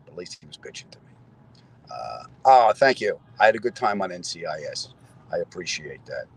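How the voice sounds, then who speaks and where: A man's voice: low-pitched, sing-song, brisk, gravelly, a little hiss or hum, low-quality recording. A middle-aged man, a comedian, chatting casually with viewers outdoors in a city square and telling stories with asides to his audience. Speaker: comedian host.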